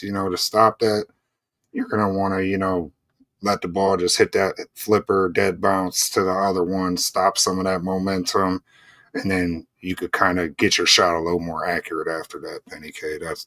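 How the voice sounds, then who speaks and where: A man's voice: low voice, a bit bright, dry recording, clean studio sound. A man co-hosting a casual show, talking in a laid-back way full of "bro" and "you know". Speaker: podcast co-host. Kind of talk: casual chat.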